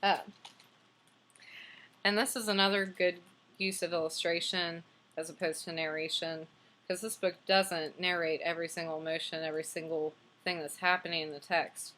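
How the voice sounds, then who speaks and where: A woman's voice: fairly low pitch, level tone, normal speed, pushed and bright. A young woman casually reviewing and reading a picture book aloud, enthusiastic and chatty with plenty of fillers.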